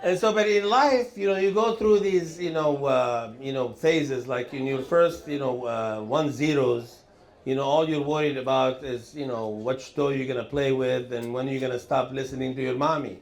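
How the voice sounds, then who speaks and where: A man in his sixties, hosting and telling rambling stand-up comedy stories, jumping to a higher voice for quoted lines. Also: moderate pace. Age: 60s. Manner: rambling, animated, jumps up high for acted quotes. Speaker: comedian host. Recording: roomy echo.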